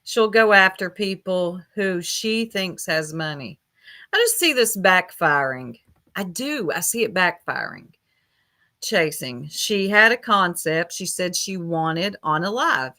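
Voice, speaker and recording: Blunt, bright-voiced woman. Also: medium pitch, animated, slow pace. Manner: blunt, gossipy and chatty, swears casually. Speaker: livestream commentary host. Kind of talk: casual commentary, reading chat aloud.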